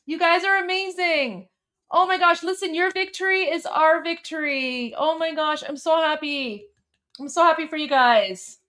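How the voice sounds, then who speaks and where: High-voiced gushing woman livestream host. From Iran. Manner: gushing and excitable, many repeated phrases; addresses viewers as guys. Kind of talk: casual livestream chat.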